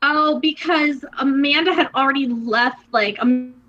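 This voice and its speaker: High-voiced woman podcaster, lo-fi sound. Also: measured pace. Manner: animated retelling, acts out characters' lines. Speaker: podcast co-host. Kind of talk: casual chat recapping a TV episode. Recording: dull lo-fi sound.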